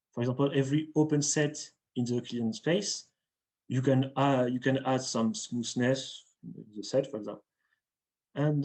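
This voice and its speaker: A young man from France presents a mathematics lecture over a video call. His delivery is careful and halting, full of restarts as he works through each idea. His voice sits at a medium pitch. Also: a little mellow, rough recording. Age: young adult. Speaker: invited speaker at a math seminar. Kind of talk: academic lecture.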